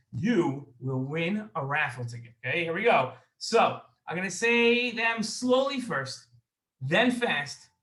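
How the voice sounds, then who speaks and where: A man with a high, bright voice hosts a children's show, calling out to the kids watching and repeating each line for emphasis. He sounds upbeat and eager. The room around him rings with echo. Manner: energetic, repeats phrases, addresses children directly. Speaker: host of a children's Jewish show. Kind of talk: upbeat kids' show hosting and storytelling.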